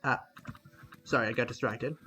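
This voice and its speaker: A man's voice: mid-range voice, fairly even intonation, normal speed, pushed and bright, a little hiss or hum. A man giving casual commentary while streaming a game, reacting aloud and talking to his chat.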